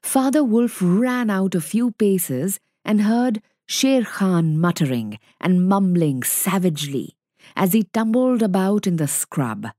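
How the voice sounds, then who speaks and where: A woman reading a story aloud clearly and expressively for learners to follow. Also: medium pitch, lively intonation, takes it slowly, warm tone, no room sound, clean studio sound. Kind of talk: slow read-aloud for learners.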